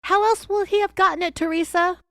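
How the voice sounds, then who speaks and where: A woman's voice: a little high, moderate pace, no echo, voice pushed up, close to an everyday voice. A woman reading as a pressing male federal agent. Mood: insistent. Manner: insistent, pressing, raised voice.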